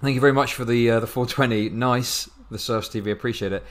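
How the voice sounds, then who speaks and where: A man's voice: medium pitch, fairly even intonation, quick pace, hardly any pauses. A man live-streaming a reaction video, chatting casually to his viewers, rambling and restarting his sentences. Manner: rambling, restarts often, laughs a lot.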